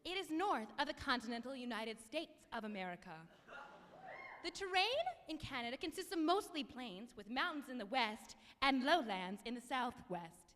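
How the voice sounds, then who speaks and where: Young woman, high bright voice, deadpan comic emcee, long hall reverb. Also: normal speed. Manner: mock-serious deadpan recitation of facts. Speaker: emcee at a college a cappella concert. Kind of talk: comic scripted stage banter. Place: concert hall with a live audience.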